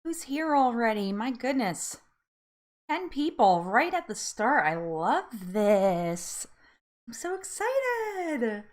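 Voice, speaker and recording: A young woman hosts a live chat from home in a bubbly, upbeat way, laughing often. Her fairly high voice swoops up and down with lots of life. She keeps an unhurried, easy pace. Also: sing-song. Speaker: host of a live weight loss support chat. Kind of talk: casual live-stream chat, greeting viewers.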